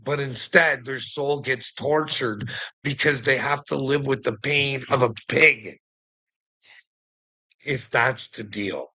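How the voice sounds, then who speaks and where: A man's voice: mid-range voice, takes it slowly, sharp tone, breathy edge, dry recording, rough recording. Profane heated man ranting. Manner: profane, heated, rhetorical questions; mocking taunts with laughter. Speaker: vlogger. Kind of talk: angry commentary rant.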